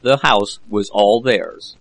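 A man narrating a classic novel as an audiobook reader, in a steady, measured way. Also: fairly low pitch, vocal fry, dry recording, rough recording. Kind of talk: scripted narration.

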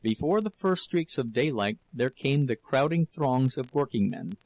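Gravelly male audiobook narrator. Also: medium pitch, no room sound, low-quality recording. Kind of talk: audiobook reading.

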